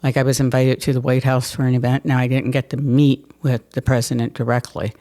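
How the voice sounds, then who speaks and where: An older woman, telling stories from her life as a mayor in a lively, laughing way, often repeating words as she restarts. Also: extremely low pitch, brisk. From Pennsylvania. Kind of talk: conversational storytelling interview.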